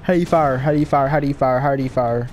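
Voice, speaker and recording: A young man rambling excitedly to viewers as he plays a game, recorded at home with game music behind him. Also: medium pitch, very fast. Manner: excitable, rambling, talks to viewers while playing. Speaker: gaming YouTuber. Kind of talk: casual let's-play commentary. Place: home room, people audible outside.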